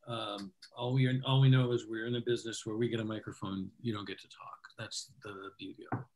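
A man's voice: fairly low pitch, level tone, fairly quick, darkish tone, slight background noise, poor audio. A man hosting a comedy show, introducing the next comic with wry, joking asides.

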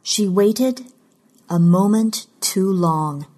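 A woman narrating a fantasy short story in a measured, deliberate storytelling delivery. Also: mid-range voice, warm tone. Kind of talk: scripted audiobook narration of fiction.

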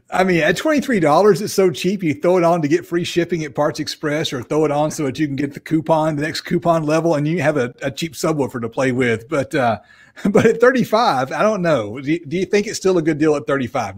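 A man's voice: a little high, slightly rough. Chatty man hosting a live podcast. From American South. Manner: chatty, self-deprecating, reads out viewer comments. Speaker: podcast host. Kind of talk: casual live-stream chat.

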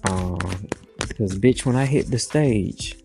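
A woman's voice: very deep voice, takes it slowly. A woman giving a loose, profane, playful tarot reading to her viewers in a casual vlog. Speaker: tarot reader. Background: music playing.

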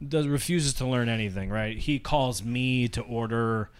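A man's voice: mid-range voice, moderate pace, slight background noise. A man co-hosting a podcast in casual banter, crude and joking, laughing often. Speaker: podcast co-host.

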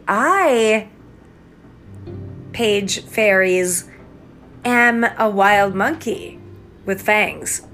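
A woman's voice: mid-range voice, fairly bright tone. A woman podcasting alone at home at night, ranting in an agitated, rambling way, often breaking off and laughing at herself. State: angry. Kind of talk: spontaneous ranting monologue.

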